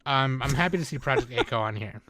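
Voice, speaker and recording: A man's voice: mid-range voice, fast, sharp tone, dry recording, studio quality. A man hosting a podcast in casual chat, joking and laid-back. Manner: joking, laid-back, says dude a lot. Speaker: podcast host.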